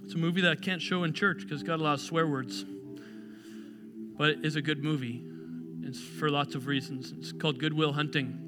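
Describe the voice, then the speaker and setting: High-voiced earnest male pastor preaching. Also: steady tone, fairly quick. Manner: earnest, builds to emphatic repetition then softens to prayer. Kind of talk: sermon. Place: church service. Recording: clear music playing behind. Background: music.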